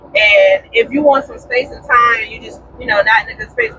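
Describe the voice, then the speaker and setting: A young woman chatting casually as a podcast co-host, expressive and playfully defensive. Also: on the high side, normal speed. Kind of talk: casual chat. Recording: distant, dull, noisy sound.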